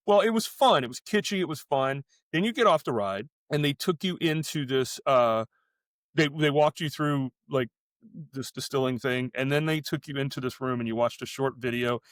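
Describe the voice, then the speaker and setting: A middle-aged American man talking as a podcast co-host, drifting through a rambling story in easy conversation. His voice sits at an ordinary pitch and sounds close and dry, with almost no room around it. He stops and restarts his sentences as he goes. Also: fairly bright tone, no room sound. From United States. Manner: rambling, self-interrupting storyteller. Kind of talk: casual chat.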